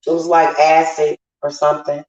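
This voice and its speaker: A woman's voice: low-pitched, flat delivery, normal speed, darkish tone. A woman hosting a casual witchy livestream, venting bluntly and profanely to her viewers. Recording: roomy, slightly dull home sound.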